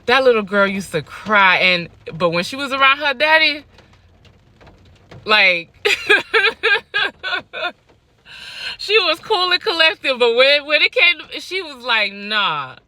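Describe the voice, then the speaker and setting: Bright-voiced woman telling a storytime. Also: sits high, slow pace, pauses often. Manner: animated, emphatic repeats, laughs between lines. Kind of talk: storytime vlog.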